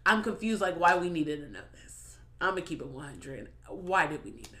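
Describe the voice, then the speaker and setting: A woman's voice: lowish voice, sing-song, fairly quick, bright, forceful tone. A woman hosting a podcast, chatting casually with lots of laughs, profanity and filler "like"s. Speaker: podcast host. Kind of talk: casual chat commentary.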